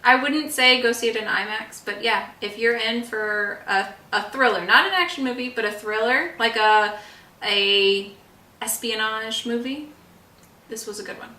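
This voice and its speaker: Bright, chatty woman in an echoey room. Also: a little high, normal speed. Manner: chatty, laughing, defends the movie. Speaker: podcast co-host. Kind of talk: casual chat reviewing a movie. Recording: echoey room, mic set far off.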